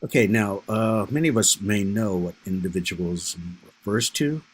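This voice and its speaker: A man's voice: on the low side, lively intonation, moderate pace, slight background noise, poor audio. A man giving a recorded history lecture over slides, talking in a loose conversational way and often checking in with "right?" and "you know".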